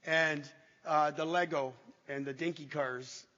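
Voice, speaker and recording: A man's voice: on the high side, fairly even intonation, fairly bright tone. Man telling his story in a hall. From Canada. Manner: emotional, halting, with repeated restarts. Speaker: recovery speaker. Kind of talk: personal testimony talk to an audience. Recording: dull echoey hall recording.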